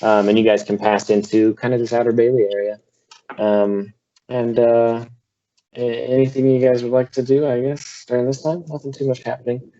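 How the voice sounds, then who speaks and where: Mellow-voiced young man as game master. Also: medium pitch, level tone, normal speed. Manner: loose, filler-heavy narration. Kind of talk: narrating a tabletop game. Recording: dull lo-fi recording.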